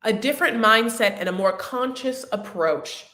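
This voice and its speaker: A woman's voice: on the high side, moderate pace, bright, forceful tone, roomy sound. A woman hosting a reality TV recap livestream, talking casually in a rambling, chatty way full of fillers and restarts. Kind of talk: casual chat.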